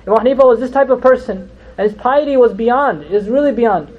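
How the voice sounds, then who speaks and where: A man teaching an Islamic lesson, telling stories in a lively, conversational way and slipping Arabic terms into his talk. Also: very high-pitched, a little fast, muffled recording. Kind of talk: storytelling religious lecture.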